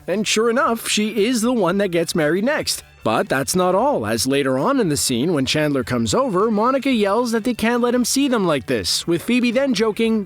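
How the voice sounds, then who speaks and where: Animated high-voiced male narrator. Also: moderate pace, hardly any pauses. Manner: lively, animated delivery. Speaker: video narrator. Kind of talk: scripted narration. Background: faint background music.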